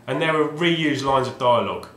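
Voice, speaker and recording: A man's voice: medium pitch, animated, normal speed, fairly bright tone. Hesitant, wry male vlogger with a mid-range voice, recorded at home in a reverberant room. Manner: hesitant, restarts often, wry. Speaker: video game collector vlogger. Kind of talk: rambling casual monologue. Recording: roomy echoey home recording.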